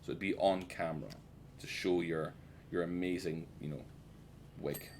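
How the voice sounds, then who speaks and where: A man's voice: low voice, fairly even intonation, normal speed, a little mellow, slight background noise. A British man streaming a game, rambling and joking with his chat and swearing freely. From United Kingdom. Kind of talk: casual gameplay commentary.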